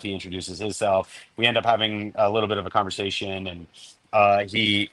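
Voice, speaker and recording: A man's voice: fairly low pitch, fairly bright tone, no echo. A man, a podcast guest, telling a self-deprecating story with many restarts. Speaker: podcast guest, cigar brand co-owner. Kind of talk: casual storytelling.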